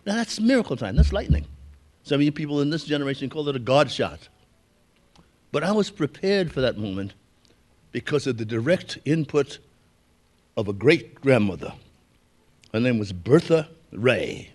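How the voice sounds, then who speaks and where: A man's voice: mid-range voice, big pitch swings, normal speed, long pauses, darkish tone. An older man from Brooklyn giving a keynote speech, telling folksy, anecdotal stories and chuckling along with the audience. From Brooklyn, New York. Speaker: keynote speaker. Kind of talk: storytelling speech.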